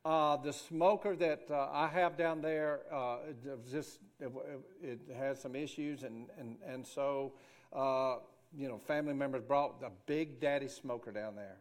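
A man's voice: mid-range voice, fairly even intonation, moderate pace. A middle-aged man, a minister telling a homespun story in a rambling, folksy way with many restarts.

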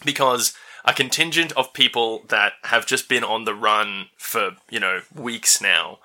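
Bright-voiced man running a tabletop game. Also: mid-range voice, fairly even intonation, unhurried. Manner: casual, chatty, swears freely. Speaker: game master.

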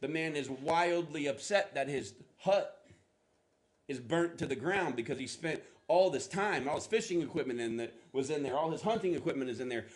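A male pastor with a slightly high voice tells a sermon story. He repeats words as he searches for them, then acts out the lines with growing energy. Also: moderate pace. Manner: animated, acts out the lines with rising intensity.

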